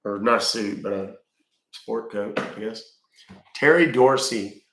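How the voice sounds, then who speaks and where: A man's voice: on the low side, level tone, measured pace, vocal fry, a bit bright, echoey room. A man hosting a casual livestream, chatting with his viewers and answering their questions with easygoing fillers. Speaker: livestream host reading chat. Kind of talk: casual chat.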